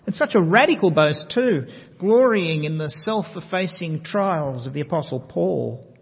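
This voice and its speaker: A man preaching a sermon, measured and emphatic, slowing down to stress key words. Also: a little high, lively intonation, vocal fry, husky. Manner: measured, emphatic delivery with slow stressed phrases. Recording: long reverb, dull lo-fi sound.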